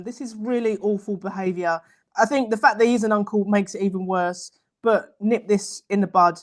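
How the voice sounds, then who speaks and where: Female comic co-host, frank and giggly, rambling casual podcast chat. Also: mid-range voice. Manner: blunt, laughing, rambling restarts.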